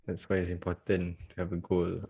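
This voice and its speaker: A man's voice: low voice, completely flat delivery, brisk, gravelly, dark tone, breathy edge. A man hosting a casual live online trading class from home over a video call, chatty and joking, laughing often.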